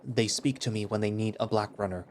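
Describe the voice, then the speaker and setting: A man's voice: on the low side, fairly even intonation, fairly quick, slight background noise, lightly acted. A man voicing a stern male beast-man warrior who speaks tersely and formally, without contractions. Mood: blunt.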